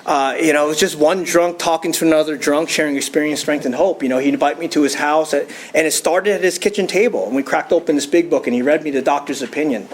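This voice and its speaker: Young man sharing his recovery story at a meeting, casual, rambling, slightly high voice. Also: fast, hardly any pauses. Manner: casual, storytelling with fillers and laughs. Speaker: AA speaker.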